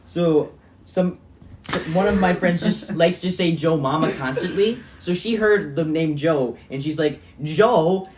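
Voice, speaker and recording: A man's voice: fairly high pitch, unhurried, a little mellow, distant mic, slight background noise. A teenage boy who is a guest on a casual podcast chat, giving dry, short replies. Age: teens.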